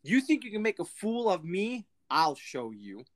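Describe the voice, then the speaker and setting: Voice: medium pitch, sing-song, a little slow. A narrator voicing an arrogant, menacing male pro wrestler, reading the lines out plainly. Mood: taunting.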